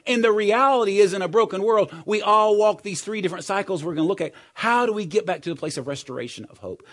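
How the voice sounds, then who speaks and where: A middle-aged man preaching a sermon to men in a conversational, personal storytelling way, swinging between loud and soft. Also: sits high.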